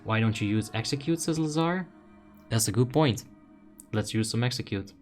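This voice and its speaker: A young man from the Netherlands doing casual live gameplay commentary, reading chat aloud with excited bursts. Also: mid-range voice, moderate pace, soft background music. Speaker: game streamer.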